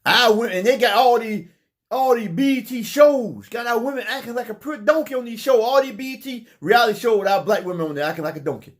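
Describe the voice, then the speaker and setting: A man's voice: very high voice, quick pace. A man delivering an impassioned preaching monologue, fervent, often repeating phrases and stumbling over his words. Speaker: religious speaker.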